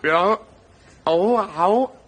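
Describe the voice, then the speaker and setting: A man's voice: sits high, unhurried, fairly bright tone. A Glaswegian actor playing a bitter, rambling unemployed man in a sitcom, with studio audience laughter. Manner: rambling, boisterous, drunken. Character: boozy unemployed Glasgow man, bitter, gabby. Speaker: sitcom character.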